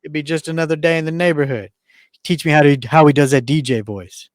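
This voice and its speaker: A man's voice: a little high, fairly even intonation, a little fast, no echo, clean studio sound. A man co-hosting a casual podcast, laid-back and rambling, often repeating words as he starts a sentence. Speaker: podcast co-host.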